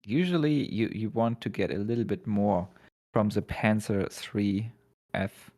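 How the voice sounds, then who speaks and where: A man giving color commentary on a card game match, unhurried and slightly halting. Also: on the low side, a little mellow. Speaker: esports co-caster.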